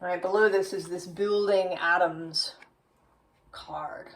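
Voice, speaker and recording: A woman's voice: lowish voice, fairly even intonation, takes it slowly, recorded from a distance, low-quality recording. A woman giving a tarot reading, musing aloud with frequent "right?" tags. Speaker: tarot reader.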